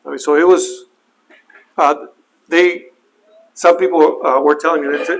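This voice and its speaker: A man with a slightly higher voice tells a personal story. He talks earnestly and haltingly, often repeating words and restarting his sentences as he goes. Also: steady tone, noisy background. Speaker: helicopter flight instructor telling his crash story. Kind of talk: personal account, spoken testimony.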